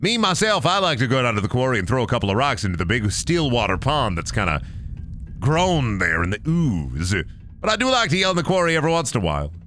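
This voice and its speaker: A man's voice: mid-range voice, fast talker, a little hiss or hum. A man streaming a game, ranting and rambling with plenty of swearing as he plays. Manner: profane, rambling, animated ranting. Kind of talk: casual gameplay commentary.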